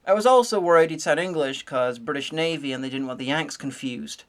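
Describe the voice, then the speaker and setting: A woman giving a sarcastic, nitpicking comedic review, full of deadpan asides. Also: low-pitched, fairly quick. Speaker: video reviewer.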